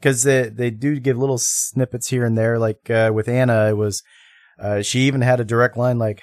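A man's voice: medium pitch, level tone, no room sound. Guy on a movie podcast, stumbles and restarts a lot, mocks the characters, dry close mic. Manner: halting, many restarts, mock-quotes characters. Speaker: podcast co-host. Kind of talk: casual film discussion.

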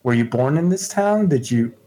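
A man's voice: medium pitch, lively intonation, normal speed, mellow, voice pushed up, lightly acted, low-quality recording. A man voicing an earnest young noblewoman who asks flustered, eager questions. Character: earnest young noblewoman Shauna, determined to help.

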